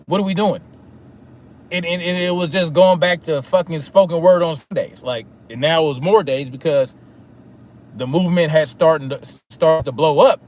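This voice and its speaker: A man's voice: on the high side, normal speed, a little mellow. A man hosting a livestream, telling a story in a casual, profane, rambling way with many restarts. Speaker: livestream host.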